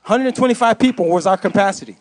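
An impassioned man shares his testimony before a congregation. His voice sits a little high, and he drives his points home by repeating phrases. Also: fast talker. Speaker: church speaker giving testimony. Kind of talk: sermon testimony.

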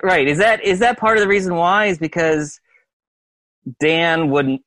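Guy interviewer, slightly high voice, trips over his questions, dry close sound. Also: fairly bright tone, dry recording. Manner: quick, stumbling questions with restarts. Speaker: interviewer host. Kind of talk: casual interview.

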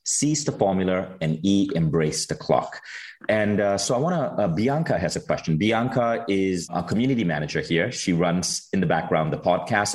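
Deep-voiced man hosting a podcast. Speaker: podcast host.

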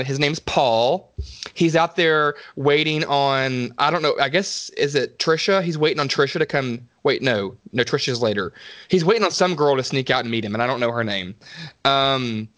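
A man with a medium-pitched, fairly bright voice talks at a normal speed, recorded with no room sound. Co-hosting a podcast, he gives a casual, rambling recap of a slasher movie, sarcastic throughout and often swearing and laughing.

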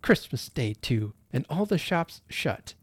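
A man narrating a classic holiday story in a gentle, expressive storytelling manner. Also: mid-range voice, takes it slowly, slightly rough, no echo.

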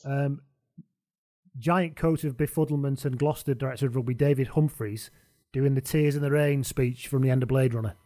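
A man's voice: mid-range voice, fairly even intonation, normal speed, dark tone. A man hosting a casual sports chat, delivering dry, jokey quips. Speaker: podcast host.

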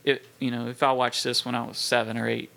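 A man in his twenties co-hosting a podcast in casual chat, talking haltingly with frequent laughs. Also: mid-range voice, little pitch movement, vocal fry, sharp tone. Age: 20s. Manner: hesitant, halting, laughs often. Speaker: podcast co-host.

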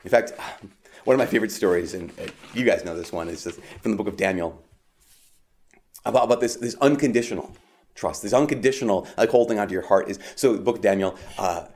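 A man preaching a homily at Mass in a conversational way, with frequent "like" and restarts, rising for emphasis and dropping soft on key lines. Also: on the low side, quick pace.

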